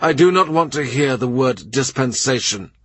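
A man voicing a volatile, powerful king who speaks forcefully and emphatically. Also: mid-range voice, expressive, moderate pace, husky, no echo, pitched above the performer's own voice. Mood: commanding. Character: volatile powerful king, cold then furious.

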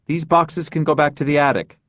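A man voicing a bossy middle-aged wife who barks orders in a brisk, commanding way, in a storybook reading. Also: a little high, steady tone, fairly bright tone, no room sound, voice pushed up, lightly acted.

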